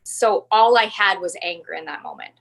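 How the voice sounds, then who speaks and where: A woman's voice: lowish voice, moderate pace, gravelly, a bit bright. A woman in her thirties, a podcast guest, talking earnestly and confessionally, with many "like" fillers. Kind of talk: candid personal interview.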